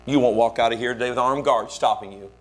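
A man's voice: medium pitch, fast talker, slight background noise. A male pastor, preaching a sermon and telling stories, acting out the people he quotes. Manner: animated storyteller, acts out quoted voices. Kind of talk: sermon storytelling.

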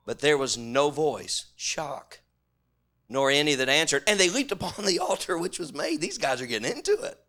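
Preacher guy, high bright voice, goes from quiet storytelling to shouting. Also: big pitch swings, normal speed. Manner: swings from hushed storytelling to shouting. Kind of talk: sermon.

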